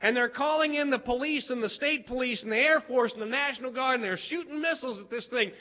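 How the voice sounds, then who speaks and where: High voiced guy telling a story, gets loud and dramatic, kinda dull lo-fi recording. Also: quick pace. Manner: animated, dramatic build-ups and shouts. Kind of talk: storytelling performance.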